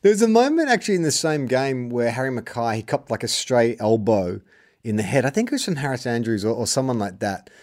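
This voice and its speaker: A man co-hosting a casual sports chat, jokey and animated, laughing often. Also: medium pitch, quick pace. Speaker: podcast co-host.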